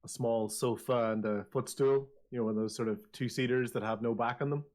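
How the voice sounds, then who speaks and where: A man narrating a tabletop game as game master in a relaxed, casual way with hesitant fillers. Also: medium pitch, a little fast.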